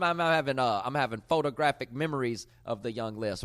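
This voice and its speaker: A man hosting his own podcast as a comedian, rambling in a profane, casual way and sometimes breaking into loud shouting. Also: mid-range voice, fairly quick. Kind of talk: casual chat.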